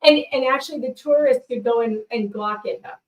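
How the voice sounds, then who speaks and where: Co-hosting a casual livestream from a hotel room, a woman reads viewers' super chats aloud and jokes around, giggly and teasing. Her voice is high-pitched and brisk, picked up from a distance in a rough recording with crowd noise behind her.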